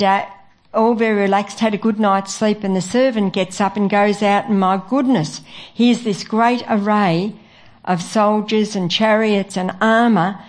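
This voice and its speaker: Earnest woman preaching a sermon. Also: mid-range voice. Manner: earnest, with frequent filler pauses.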